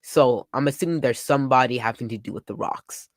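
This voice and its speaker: A young man talks through a comic chapter as he reads it, excitable and chatty. His voice sits at an ordinary pitch, and the recording is dry and close, with no room sound. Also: brisk, no echo. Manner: excitable, summarizing panels with frequent "like". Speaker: manga reaction youtuber. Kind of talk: casual live reading and reaction.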